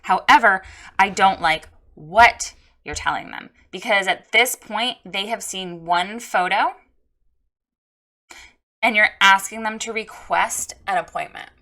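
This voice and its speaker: Lady reviewing a photographer's site, pretty blunt, bright crisp voice, chatty but instructive. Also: mid-range voice, slow pace. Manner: frank, direct, instructive. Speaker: website reviewer coaching a photographer. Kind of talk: casual spoken critique.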